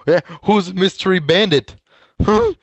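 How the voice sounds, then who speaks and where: A man's voice: high-pitched, wildly swooping pitch, moderate pace, breathy edge, no room sound. A man in gaming voice chat, trolling his friends in a mock-dramatic, sarcastic way and swearing often.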